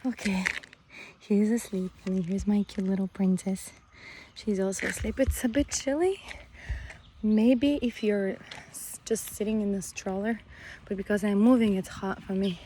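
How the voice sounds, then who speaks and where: A woman's voice: medium pitch, measured pace, mellow, a little hiss or hum. A mother talking casually to her viewers while pushing a stroller along a country road, a little out of breath and rambling with many fillers. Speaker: vlogger, mother of five. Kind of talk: casual vlog talk while walking.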